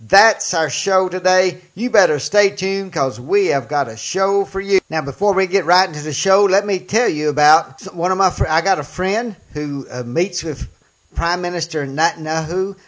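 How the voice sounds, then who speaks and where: An older man with a Southern US accent hosting a political talk show, speaking emphatically in a folksy way and getting louder on key points. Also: high voice, normal speed. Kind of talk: political commentary monologue.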